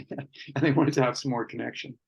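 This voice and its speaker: A man speaking at a workshop on men and conflict, earnest and reflective, with pauses and fillers. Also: medium pitch, fairly even intonation, gravelly, darkish tone, breathy edge, dull audio.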